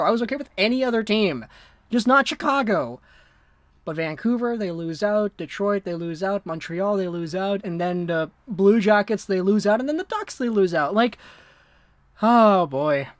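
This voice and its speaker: Excitable woman streamer, dry mic. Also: medium pitch, no room sound. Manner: excitable, swings from muttering to shouting disbelief; talks to viewers in the chat. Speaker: livestream host. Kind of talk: live reaction commentary.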